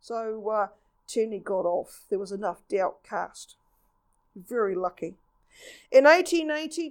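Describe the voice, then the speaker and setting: A woman giving a lively local history talk, reading old newspaper reports and acting out quotes. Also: a little high.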